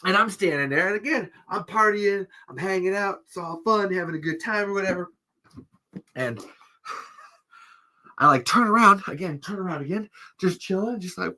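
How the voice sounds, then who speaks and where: A podcast host, a man with a bright, ringing voice, spins a long casual story. He curses freely and breaks into laughter mid-sentence. He jumps into other people's lines with raised, animated voices. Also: sits high, normal speed. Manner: animated, profane, acts out quotes in raised voices.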